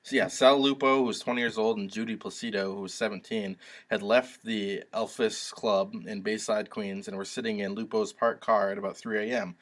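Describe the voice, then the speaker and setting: Blunt low-voiced man co-hosting. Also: fairly even intonation, moderate pace, few pauses. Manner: blunt, swears casually. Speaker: podcast co-host. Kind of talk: casual true-crime chat.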